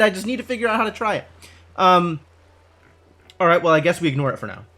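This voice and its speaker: Animated man streaming a game. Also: sits high, quick pace, long pauses. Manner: animated, rambling, self-amused. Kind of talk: live gameplay commentary.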